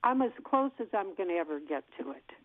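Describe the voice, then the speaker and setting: A woman in her sixties, an actress, telling an animated story in an interview and acting out what people said. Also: mid-range voice, fast, no room sound. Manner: lively storyteller who acts out what people said. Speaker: actress guest. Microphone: telephone. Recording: tinny phone line.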